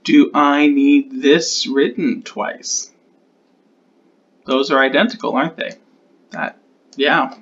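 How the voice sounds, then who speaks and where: A man's voice: a little high, fairly even intonation, takes it slowly, long pauses, fairly bright tone, lo-fi sound. A man casually walking through the sound-change rules he made up, thinking aloud and correcting himself as he goes. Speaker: conlang creator explaining sound changes. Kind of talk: casual explanatory walkthrough.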